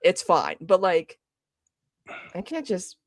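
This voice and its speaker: A woman's voice: fairly low pitch, no room sound, clean studio sound. A young woman from the American South co-hosting a podcast, chatting about politics with sarcastic asides. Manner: animated, sarcastic, quick asides. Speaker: podcast co-host. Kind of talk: casual political chat.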